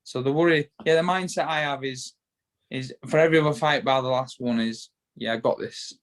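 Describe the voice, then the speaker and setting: His voice sits on the high side and moves fairly quickly. The man, a bare-knuckle boxer with a Yorkshire accent, is a guest in a laid-back interview, rambling along with lots of repeated words and fresh starts.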